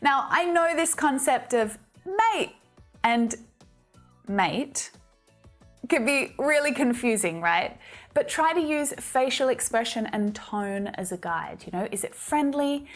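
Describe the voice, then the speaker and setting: An Australian-accented woman with a somewhat high voice explains things in a bright, upbeat teaching tone. She delivers a scripted lesson with soft background music. Her tone is friendly and clear throughout. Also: expressive, measured pace. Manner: upbeat and explanatory, with light laughs. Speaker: English teacher.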